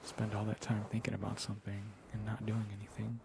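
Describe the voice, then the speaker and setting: A young man whispering softly through an ASMR live stream, chatting with viewers and laughing often. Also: lowish voice, monotone, fast talker, creaky, background noise.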